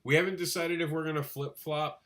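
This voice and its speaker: Animated man co-hosting a comics chat. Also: brisk. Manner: animated, laughs, mimics others in a high voice. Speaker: podcast co-host. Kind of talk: casual chat about crowdfunding comics.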